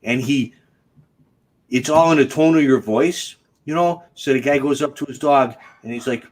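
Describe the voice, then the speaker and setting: A man's voice: on the high side, normal speed. A man hosting a casual livestream chat, joking and chatty and laughing often. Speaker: host.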